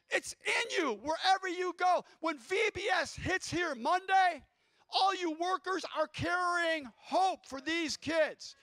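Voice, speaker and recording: A man preaching a lively guest sermon, breaking into shouts and calling on the congregation to answer back. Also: extremely high pitch, slow pace, dry recording. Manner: excitable, shouting bursts, congregation call-and-response.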